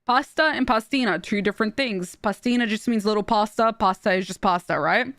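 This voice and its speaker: A young woman chatting on a stream, telling stories with lively energy and frequent restarts. Her voice sits at an ordinary pitch for a woman. The recording is close and dry, with no room sound. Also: a little fast, dry recording. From Australia. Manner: animated storytelling with laughs and repeated restarts. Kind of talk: casual chat while streaming.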